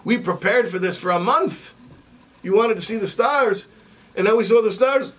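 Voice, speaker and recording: A man putting on a high, eager wise owl. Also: sing-song, moderate pace, fairly bright tone, exaggerated voice. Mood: pressing. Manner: high, insistent questioning. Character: wise old male owl, eager coach. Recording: distant mic, faint noise.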